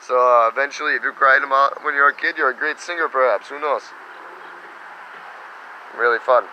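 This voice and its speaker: A man teaching meditation in a casual spiritual talk, animated and slipping into little quoted voices. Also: mid-range voice, a little fast, highs cut off, slight background noise.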